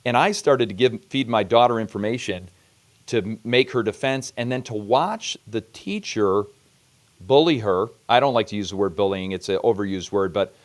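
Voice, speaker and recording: Low-voiced male interview host. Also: moderate pace. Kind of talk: earnest interview conversation.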